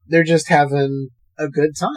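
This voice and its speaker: A man's voice: fairly high pitch, flat delivery, moderate pace. A man co-hosting a podcast, casually retelling a movie scene by scene and swearing freely. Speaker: podcast co-host. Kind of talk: casual movie recap chat.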